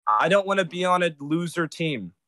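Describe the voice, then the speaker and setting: A man's voice: a little high, expressive, sharp tone, no room sound. A young adult man in a heated, sarcastic argument with his father, accusing him and talking over him. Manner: sarcastic, accusing, rapid back-and-forth.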